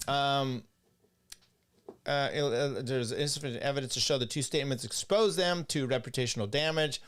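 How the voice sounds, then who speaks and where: A man's voice: medium pitch, normal speed, a bit bright, clear, resonant tone. Sarcastic man reading court rulings aloud. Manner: casual, rambling, with fillers and restarts. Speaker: podcast host. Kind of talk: livestream legal commentary.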